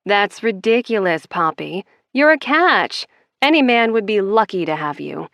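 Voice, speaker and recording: A woman's voice: medium pitch, sing-song, a little slow, creaky, a bit bright, no echo, clean studio sound, full character voice. Woman doing a blunt, teasing bartender friend. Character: brash pierced female bartender, fiercely loyal friend. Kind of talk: audiobook character voice.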